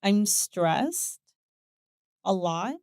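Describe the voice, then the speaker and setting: A woman, a podcast guest, telling a personal story with lively acted quotes, repeated words and frequent laughter. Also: medium pitch, extremely slow, no echo, clean studio sound. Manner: animated storyteller who acts out voices, repeats words and laughs often. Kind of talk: casual interview chat.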